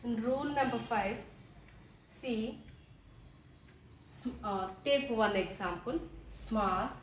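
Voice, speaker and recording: A woman's voice: fairly high pitch, takes it slowly, a little hiss or hum. A woman teacher giving a grammar lesson, repeating each word form and spelling letters aloud. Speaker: English teacher. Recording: echoey room.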